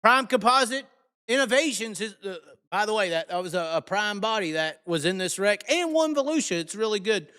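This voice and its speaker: A man hosting a live show, ranting angrily and cursing, swinging between shouts and mutters. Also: sits high, expressive, a little fast, smooth, big-room sound. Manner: heated, profane, shifts from shouting to muttering. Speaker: host. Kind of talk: angry live rant.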